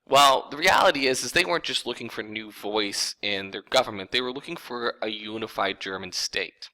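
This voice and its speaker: A man's voice: on the low side, fairly quick, pushed and bright, low-quality recording. A man teaching a history lecture in a casual, conversational way, talking straight to his viewers. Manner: conversational, informal, addresses viewers as folks.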